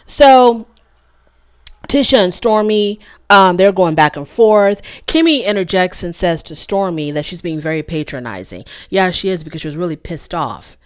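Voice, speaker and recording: A woman with a fairly low voice gives a casual, opinionated recap as the host of her own channel. She is animated and repeats her points for emphasis. The sound is dry and close, with no room echo. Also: normal speed.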